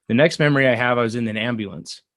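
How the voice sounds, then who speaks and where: A man in his thirties telling a personal story in an earnest, halting way, with many fillers and restarts. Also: mid-range voice, fairly bright tone, no room sound. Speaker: guest. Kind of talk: casual storytelling.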